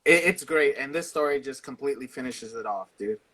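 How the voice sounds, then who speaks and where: A man's voice: medium pitch, brisk, a bit bright. A man hosting a casual interview, reacting with enthusiastic exclamations. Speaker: show host.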